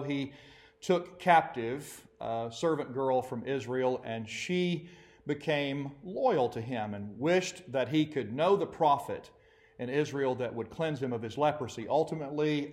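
A man preaching a sermon to his congregation, animated and acting out quoted voices. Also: medium pitch. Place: church assembly.

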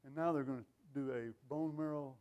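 An older man preaching a sermon with an animated, self-deprecating sense of humor, often laughing at himself. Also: medium pitch, brisk, muffled recording. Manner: lively, animated delivery.

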